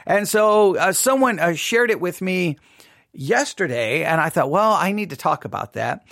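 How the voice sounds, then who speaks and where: A man from Texas, a Christian commentator, talking in a casual monologue into a microphone, candid and animated, acting out the voices in his stories. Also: sits high, moderate pace, gravelly, no room sound, clean studio sound. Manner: candid, animated storytelling with acted-out quotes. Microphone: studio microphone.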